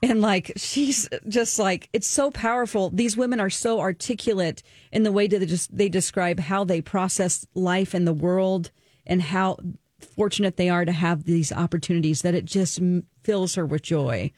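A woman's voice: on the low side, moderate pace, darkish tone, no room sound. Earnest woman talk-radio host, dry sound. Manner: earnest, emotional and open, sharing personal experience. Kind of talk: casual talk-radio chat, reviewing a documentary.

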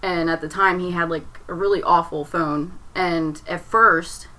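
Young woman with a low, bright voice. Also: fairly even intonation, a little slow, poor audio. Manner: rambling, heavy use of "like", restarts under strain. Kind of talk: emotional personal storytelling.

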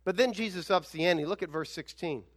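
A male pastor preaching a sermon in an animated, conversational way, with emphatic rhetorical questions. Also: high-pitched, a little fast.

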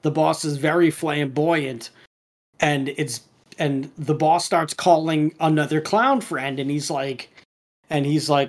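A man's voice: on the high side, takes it slowly. A man in casual podcast chat, rambling through a cartoon episode with lots of fillers and restarts.

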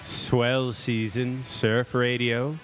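Jokey male podcast host, slow and echoey. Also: medium pitch, level tone, a bit bright, soft background music. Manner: playful, jokey, laughs often. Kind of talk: casual podcast chat. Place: studio in Brooklyn.

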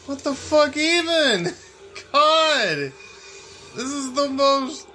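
A man's voice: very high-pitched, lively intonation, takes it slowly, sharp tone, soft background music. A man commenting on his own gameplay, cursing, complaining and laughing in frustration at a boss fight. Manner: swearing, exasperated and laughing, talks to the game. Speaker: gamer playing a video game.

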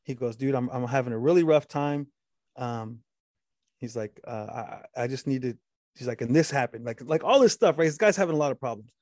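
In a casual chat, a man tells a long, rambling story full of swearing and restarts, quoting the other man at length in a low voice. He speaks briskly with a darkish tone. The studio sound is clean, with no echo.

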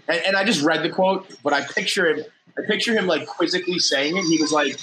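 A man's voice: on the high side, quick pace, hardly any pauses, noisy background. A middle-aged man co-hosting a casual sports podcast, rambling with restarts and easy laughter. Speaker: podcast co-host.

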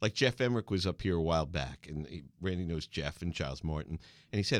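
A male radio host, enthusiastic in a casual interview and quick to laugh. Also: deep voice, expressive, dry recording, studio quality. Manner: enthusiastic, laughs often, tells anecdotes. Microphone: studio mic.

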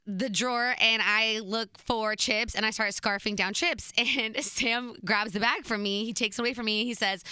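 Bright, chatty young woman telling a story. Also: fairly high pitch, normal speed, hardly any pauses, smooth, dry recording. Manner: chatty, animated, laughs between beats. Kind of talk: casual storytime.

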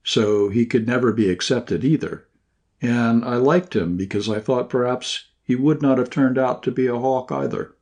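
A man reading a short story aloud in scripted first-person narration, at a measured, even pace. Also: medium pitch. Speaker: audiobook narrator.

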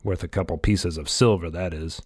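A man voicing a heavyset, gruff sailor who is out of breath and grumbling, in an audiobook story. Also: low voice, steady tone, normal speed, a little mellow, no room sound, clean studio sound.

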